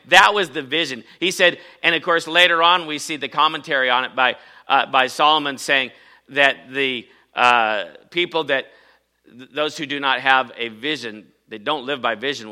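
Male pastor, forceful, sharp-edged voice, slightly high pitch, preaches emphatically and quizzes the room. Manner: emphatic preaching, asks the congregation questions. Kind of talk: sermon. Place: church.

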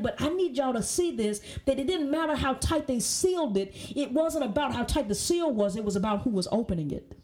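A woman's voice: high-pitched, expressive, brisk, hardly any pauses, a little mellow. A woman teaching a Bible study in an emphatic way, often checking in with "okay?" and restarting her sentences.

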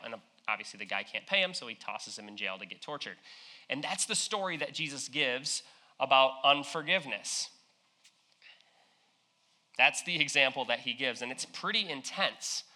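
A man's voice: medium pitch, pushed and bright. A young man preaching a sermon in a casual, conversational way, retelling a parable with slang and acted-out quotes.

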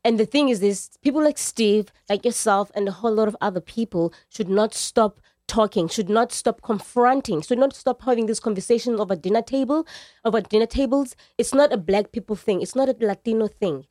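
A woman's voice: on the high side, brisk, mellow, dry recording, studio quality. Earnest South African woman, emphatic. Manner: earnest, emphatic, repeats phrases while searching for words. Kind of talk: radio studio conversation.

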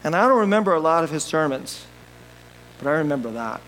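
A male pastor preaching a sermon in an animated, jokey manner, laughing often and swinging between loud bursts and quiet asides. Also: on the high side, quick pace, a little hiss or hum, poor audio.

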